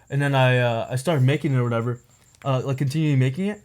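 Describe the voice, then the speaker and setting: A man's voice: medium pitch, quick pace, a little mellow, clean tone. A young man on a podcast telling a long personal story in casual chat, rambling and packed with filler words. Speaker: podcast co-host.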